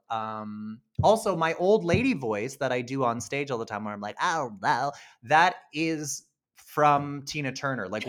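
A man's voice: medium pitch, fairly bright tone. Chatty man co-hosting a podcast. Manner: chatty, frequent laughs and restarts. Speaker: podcast co-host. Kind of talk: casual film discussion.

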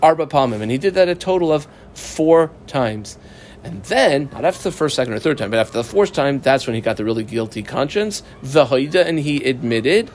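In an animated, fairly quick voice that's mid-pitched and darkish, a male teacher gives a Talmud lesson to a small study group. He reads Aramaic and renders it line by line, phrase by phrase, working through it step by step with questions he answers himself. A faint hiss sits in the background.

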